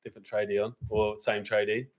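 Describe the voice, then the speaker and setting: Fast-talking jokey podcast host. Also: male voice, fairly low pitch, flat delivery. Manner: chatty, jokey, matey. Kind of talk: casual chat.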